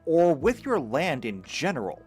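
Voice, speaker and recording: Slightly high and husky, this man's voice moves unhurriedly as soft music plays behind him. He's delivering a live lecture and reading out chat comments, emphatic and animated, stumbling into a few restarts.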